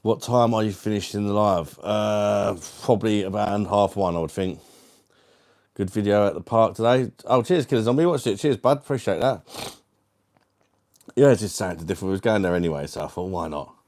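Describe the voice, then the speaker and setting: A man from the UK hosts a casual livestream. He chats with viewers and reads their comments aloud. His voice sits fairly low, and his banter is crude and matey. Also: fairly quick, darkish tone. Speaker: livestream host. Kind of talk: casual live chat reading viewer comments.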